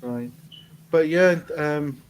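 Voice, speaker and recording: A man's voice: a little high, drawn-out words, clean tone. A man co-hosting a live advice stream, joking, teasing and laughing at his own puns. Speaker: advice show co-host. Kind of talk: casual live-stream banter. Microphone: webcam on a live stream.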